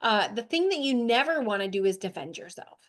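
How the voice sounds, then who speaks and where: High, animated woman host. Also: a little fast. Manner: animated, chatty, with lots of "like" and "right?". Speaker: weight-loss show host. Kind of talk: motivational group talk.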